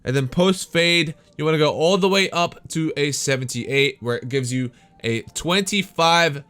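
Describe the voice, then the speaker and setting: Faint music runs behind a young gaming YouTuber hosting a laid-back tutorial. His voice is a little high, a bit bright and clean, at a measured pace, slightly worn from tiredness, yet he stays hyped and chatty, saying "man" and "guys" a lot.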